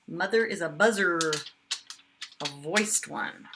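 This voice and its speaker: A kindergarten teacher, a woman, sounding out words slowly and with exaggeration for young children in a phonics lesson. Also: fairly low pitch, pushed and bright, a little hiss or hum.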